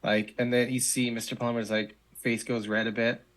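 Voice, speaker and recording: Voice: medium pitch, little pitch movement, normal speed, fairly bright tone. A game master narrating a tabletop roleplaying game, talking hesitantly with many restarts.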